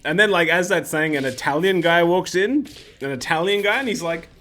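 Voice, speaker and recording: A man's voice: fairly high pitch, animated, moderate pace, fairly bright tone. A man hosting casual game commentary, rambling and joking and often interrupting himself. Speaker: gaming video host.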